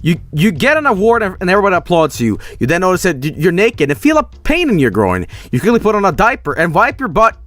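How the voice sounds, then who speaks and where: A man streaming, reading an AI text adventure aloud in an animated way, swearing and laughing as he goes. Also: high-pitched, quick pace, few pauses, no echo.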